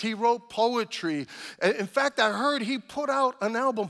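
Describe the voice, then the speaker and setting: A man preaching a sermon as pastor, building to loud emphatic calls and asking his congregation for amens. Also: very high-pitched, measured pace, creaky, big-room sound.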